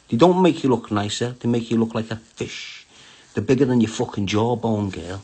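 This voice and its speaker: A man's voice: mid-range voice, normal speed, darkish tone, breathy edge. Crude, combative Scouse man ranting. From Liverpool, England. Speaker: Instagram live streamer. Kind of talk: ranting live stream.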